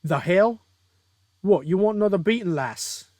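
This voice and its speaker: A man voicing a sneering, mocking male villain in a high strained put-on voice while reading his own story aloud. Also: expressive, unhurried, a little mellow, no echo, studio quality. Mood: taunting. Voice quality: high strained put-on voice, failed British attempt.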